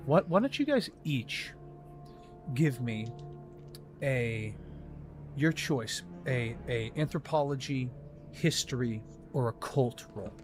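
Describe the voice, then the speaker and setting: A man narrating a tabletop horror game as game master, describing scenes in an unhurried way with many filler words. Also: mid-range voice, animated, over music.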